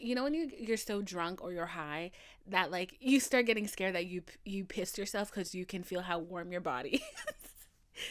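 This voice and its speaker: Lively young woman telling stories. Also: medium pitch. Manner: animated, profane, says "okay?" often. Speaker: podcast host. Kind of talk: casual storytelling monologue.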